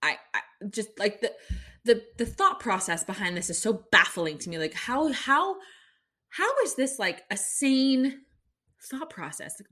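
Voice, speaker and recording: A woman's voice: on the high side, lively intonation, measured pace, bright, forceful tone. A young woman hosting her own podcast, talking in a rambling, incredulous way with many restarts. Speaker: podcast host. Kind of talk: casual solo podcast commentary.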